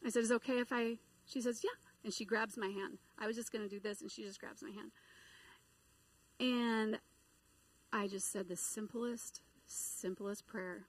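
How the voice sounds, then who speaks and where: A middle-aged woman giving a sermon, telling a personal story in an animated way and acting out the voices she quotes. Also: on the high side, normal speed, rough recording. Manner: animated, acts out quoted voices and inner dialogue. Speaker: preacher.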